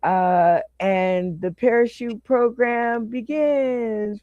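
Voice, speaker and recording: A man's voice: high voice, slow, few pauses, darkish tone, no room sound. A man hosting a comedy game show over a video call, laid-back and chuckling. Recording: dry, dull lo-fi stream audio.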